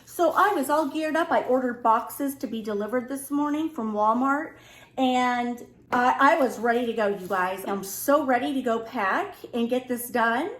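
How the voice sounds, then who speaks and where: High-voiced woman telling a story animatedly. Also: moderate pace. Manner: animated, acts out both sides of the story. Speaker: lifestyle vlogger. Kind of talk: casual storytelling to camera. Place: home room. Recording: echoey room.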